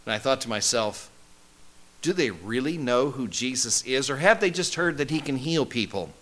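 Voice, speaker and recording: A man playing a male disciple who recalls his travels in a first-person monologue, wry and conversational, with lively swings in emphasis. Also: mid-range voice, moderate pace, natural voice. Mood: earnest recollection. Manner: conversational, wry, animated storytelling.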